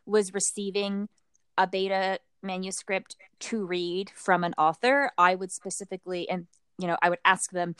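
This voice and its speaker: A woman's voice: mid-range voice, fairly even intonation, moderate pace, fairly bright tone, clear, resonant tone, dry recording, clean studio sound. A woman author co-hosting a writing podcast, chatting casually and poking fun at her own early books. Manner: self-deprecating, acts out quotes.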